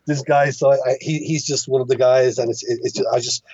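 A man's voice: medium pitch, steady tone, brisk, darkish tone, slightly rough, dry recording, dull audio. A young Irish man, a filmmaker, chatting casually as a podcast guest and rambling with frequent restarts. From Ireland. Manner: rambling, many restarts and stammers.

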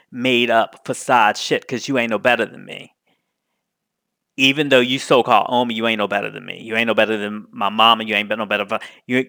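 A man's voice: medium pitch, no room sound, clean studio sound. A man hosting a podcast alone, talking casually and with feeling, swearing often and putting on mocking voices. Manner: animated, profane, mocking impressions. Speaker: podcast host. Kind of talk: casual solo commentary.

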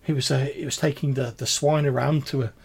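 A man putting on a grieving village woman, high stammering voice, tearful, gravelly undertone. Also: steady tone, brisk, darkish tone. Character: grieving middle-aged village woman with a limp.

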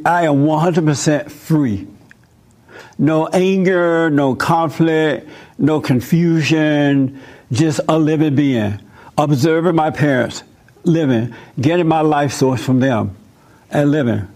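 An older man preaching a sermon, telling a story in an animated way and acting out the voices of the people in it. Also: on the high side. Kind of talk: sermon with role-play demonstration.

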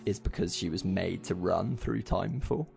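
A man's voice: low-pitched, normal speed, creaky, a little mellow, faint music behind. A man co-hosting a casual chat, chatty, laughing often and agreeable. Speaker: podcast co-host.

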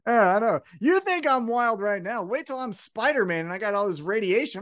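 A man's voice: high voice, brisk, dry recording, clean studio sound. A man co-hosting a wrestling podcast, recapping a show in casual chat, joking and swearing freely. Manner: profane, joking, animated storyteller. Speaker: podcast co-host.

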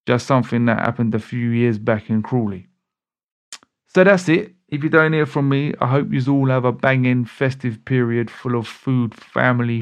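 A man's voice: mid-range voice, dull audio. Male poet-host, easygoing spoken-word delivery, mid-range voice. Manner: conversational, laid-back reading with slang.

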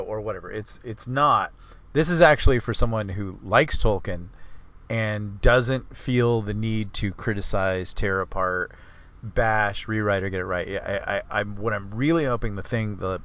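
A man's voice: lowish voice, fairly bright tone, muffled recording. A man hosting a casual book discussion podcast, rambling and correcting himself as he explains with enthusiasm. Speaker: author and podcast host.

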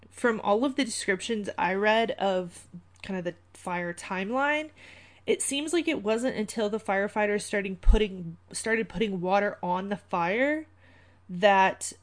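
Chatty woman rambling through a podcast. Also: mid-range voice. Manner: chatty, rambling, many fillers, wry asides. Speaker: podcast host. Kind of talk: casual conspiracy podcast talk.

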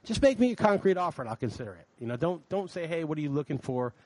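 Male podcast co-host, fast, expressive, profane ranter, dry close sound. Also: a little high, no room sound, rough recording. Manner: animated, profane ranting. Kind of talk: casual chat.

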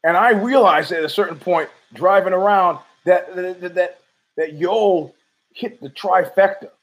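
A man's voice: high-pitched, unhurried, muffled recording. A man hosting a podcast, rambling and profane, arguing with himself in a casual monologue. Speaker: podcast host.

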